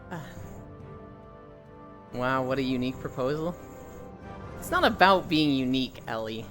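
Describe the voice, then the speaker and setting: A streamer keeps a steady treadmill walk while spinning animated, loosely told stories for viewers. The pitch leaps around expressively as the stories build, and swearing slips in casually. A little music hums quietly in the background. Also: unhurried. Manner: walking on a treadmill while talking. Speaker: live streamer.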